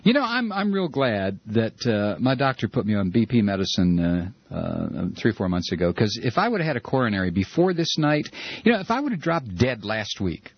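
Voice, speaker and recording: A man hosting a talk radio show, ranting sarcastically with a husky voice, over a dull, lo-fi radio broadcast. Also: lowish voice, sing-song, fairly quick, no echo. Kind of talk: opinionated talk radio monologue.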